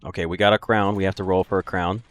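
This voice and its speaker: A man's voice: sits low, level tone, fast, a little hiss or hum. A young man casually commenting on his game for a live stream, joking, laughing and answering chat. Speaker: gaming streamer. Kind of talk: casual let's-play commentary.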